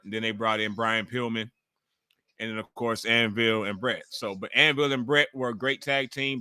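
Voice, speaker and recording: Brief: bright, dry-sounding man in his forties, livestream host, excitable and cursing, talks over the action. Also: mid-range voice, no echo. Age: 40s. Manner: loud, profane and excitable, reacting to the action. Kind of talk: live commentary while watching wrestling.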